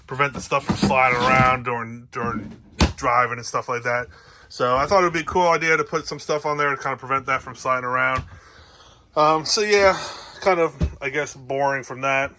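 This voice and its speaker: A man with a New Jersey accent vlogs casually from inside a travel trailer, showing off gear in a rambling, upbeat show-and-tell full of fillers. His voice is mid-range, and there is background noise.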